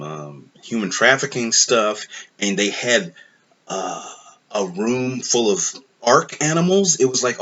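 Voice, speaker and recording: A man's voice: low-pitched, fairly bright tone. A man hosting his own channel, reviewing a film in a casual, rambling way, full of fillers and frustration. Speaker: movie review host. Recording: dull lo-fi recording.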